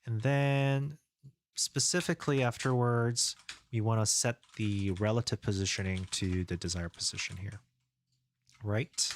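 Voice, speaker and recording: A man streaming live as a game developer, thinking aloud in a relaxed, rambling way as he works and chats. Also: on the low side, measured pace. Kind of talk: casual live-coding stream.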